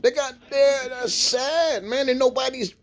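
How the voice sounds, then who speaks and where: A man's voice: extremely high pitch, measured pace. A middle-aged man speaking in a profane, impassioned monologue, preaching to viewers in street slang and tagging lines with "man" and "you dig". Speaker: vlogger.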